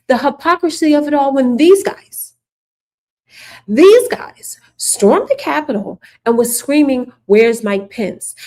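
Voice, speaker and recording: A woman's voice: fairly high pitch, darkish tone. Emphatic woman doing political commentary. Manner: sarcastic, emphatic, repeats points.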